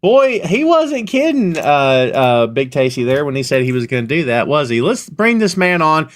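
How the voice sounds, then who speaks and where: Lively, animated male podcast host. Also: fairly high pitch, moderate pace. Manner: animated, voice jumps up when excited. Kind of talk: casual podcast chat.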